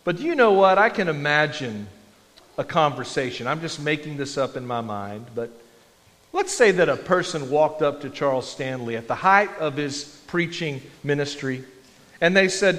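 A man's voice: on the high side, expressive, moderate pace, a bit bright. A man preaching a conversational, self-deprecating sermon in a church. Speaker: pastor. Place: church sanctuary. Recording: long reverb of a large hall.

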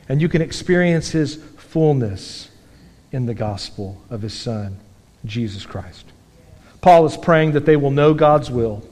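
Male pastor, high voice, folksy storyteller who builds to earnest emphasis; sermon in a church hall with long reverb. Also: a little mellow. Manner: folksy storytelling preacher, rising to emphatic exhortation. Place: church sanctuary.

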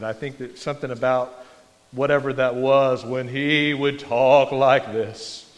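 A man's voice: mid-range voice, fairly even intonation, slow pace. A man preaching a conversational, self-deprecating sermon in a church. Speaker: pastor. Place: church sanctuary. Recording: long reverb of a large hall.

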